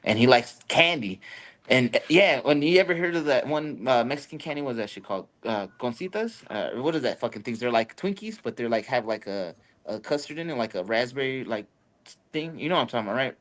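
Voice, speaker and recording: Casting: young man, podcast host, loose, profane storyteller who jumps into high voices for quotes. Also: expressive, brisk, fairly bright tone. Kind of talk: casual storytelling chat.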